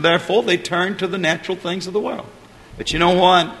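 A man preaching a sermon in a measured style that builds to fervent emphasis, speaking to a congregation. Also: high voice, level tone, fairly bright tone. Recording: long hall reverb, faint ambient noise.

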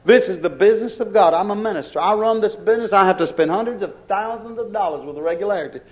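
A man's voice: high voice, animated, fast, few pauses, low-quality recording. A male minister preaching a sermon in a folksy way, often calling out to his congregation.

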